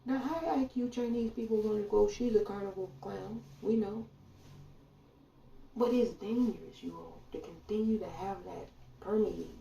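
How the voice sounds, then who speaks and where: In an echoey room and well away from the mic, a female political commentator gives a blunt, indignant, profane monologue aimed right at listeners. Her voice is dark and gravelly with a mellow low end at normal speed; the distant recording loses its highs and has slight background noise.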